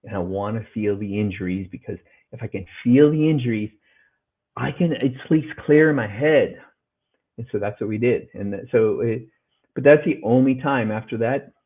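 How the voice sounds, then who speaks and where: A man's voice: medium pitch, moderate pace, husky. A middle-aged man, a podcast guest, earnestly retelling a hard story and acting out what people said. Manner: earnest, retells dialogue in raised voices. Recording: phone-like audio line.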